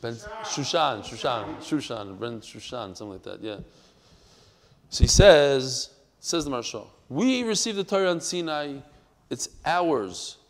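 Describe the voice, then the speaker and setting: Animated rabbi in an echoey hall. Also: male voice, mid-range voice, measured pace. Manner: animated and emphatic, mixes Hebrew and Yiddish terms into English, tells stories. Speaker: Talmud class teacher. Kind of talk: daily Talmud lecture to a live class.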